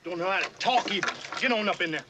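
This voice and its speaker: A man's voice: high-pitched, lively intonation, fast, background noise. An actor with a Southern accent playing an older enslaved fiddler who fawns over his master and scolds a newcomer in a drawling dialect. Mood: scolding. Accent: American Southern. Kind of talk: period film drama.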